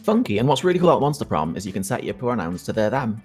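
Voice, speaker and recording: A woman hosting a game session with friends, reading out the game's narration in a playful, lively way. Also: extremely low pitch, fast, husky, soft background music. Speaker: host.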